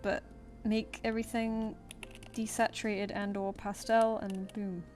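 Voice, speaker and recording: A woman's voice: mid-range voice, level tone, unhurried, darkish tone, soft background music. A woman streaming while she draws, thinking aloud and answering her viewers in casual chat. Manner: chatty, thinks aloud, reads chat comments and answers them. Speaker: streamer drawing live.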